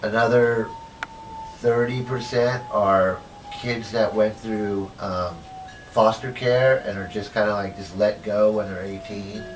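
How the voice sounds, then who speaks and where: A man's voice: lowish voice, fairly even intonation, takes it slowly. A man in a documentary interview telling his story casually, rambling with lots of "you know" and acting out what people said. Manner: rambling, filled with "you know", acts out quoted dialogue. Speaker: interviewee, activist. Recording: distant mic with faint ambient noise.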